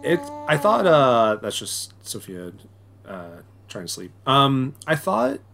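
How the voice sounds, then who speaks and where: A man's voice: medium pitch, huge pitch swings, takes it slowly, creaky, a crowd in the background. A young man co-hosting a podcast in casual chat, rambling with lots of fillers. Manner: rambling, filler-heavy, restarts often. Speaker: podcast co-host.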